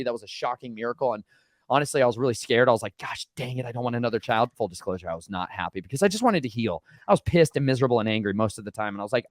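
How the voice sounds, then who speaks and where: Excitable fast-talking man, lively pitch. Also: no echo, studio quality. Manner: rambling and excitable, slipping into mock voices. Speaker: channel host. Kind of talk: animated personal testimony.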